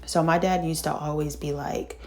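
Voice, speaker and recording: A middle-aged woman telling a painful personal story in casual talk, halting and full of fillers and restarts, sighing and shaken. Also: low voice, fairly even intonation, creaky. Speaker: vlogger telling her own story.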